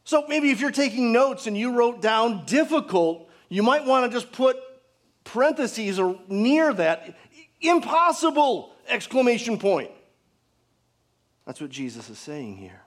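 A pastor preaching a sermon to his congregation, earnest, asking rhetorical questions and dropping to a hushed tone for emphasis. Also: very high-pitched, sing-song, normal speed.

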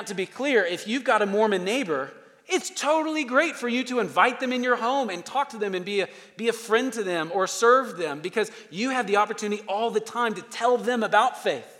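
Preaching in a church sanctuary, this male pastor stresses his points by stacking short, repeated phrases in a conversational but forceful style. His fairly high, fairly bright voice rings with the long reverb of a big hall.

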